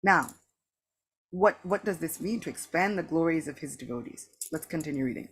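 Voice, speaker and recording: A woman giving a morning scripture class in a temple, reading aloud and teaching in a slow, earnest, emphatic way. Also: low-pitched, slightly rough, poor audio. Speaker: class speaker. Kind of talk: scripture reading and devotional lecture.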